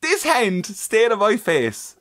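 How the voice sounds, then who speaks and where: A man co-hosting a casual podcast, telling a story in an animated way and swearing freely. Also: sits high, slow pace. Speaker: podcast co-host.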